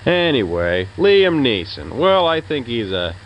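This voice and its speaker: A man's voice: mid-range voice, big pitch swings, a little slow, slight background noise, rough recording. A man giving casual, rambling spoken film reviews, full of fillers and offhand opinions. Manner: rambling, hesitant, lots of fillers; offhand, laid-back opinions.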